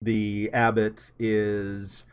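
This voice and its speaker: A man running a tabletop game as game master, hesitant with many pauses. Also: on the low side, completely flat delivery, clean tone. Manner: hesitant, many ums and restarts.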